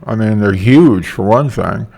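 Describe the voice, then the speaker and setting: A man's voice: lowish voice, a little slow, vocal fry, dark tone. An older man talking in a casual vlog monologue, meandering and hesitant with many fillers. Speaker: vlogger.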